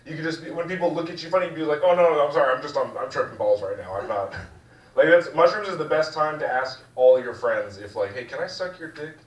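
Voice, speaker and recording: A man's voice: medium pitch, fairly bright tone, roomy sound, distant mic, low-quality recording. A young man doing a rambling, crude, self-mocking stand-up set. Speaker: stand-up comedian. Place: small comedy room.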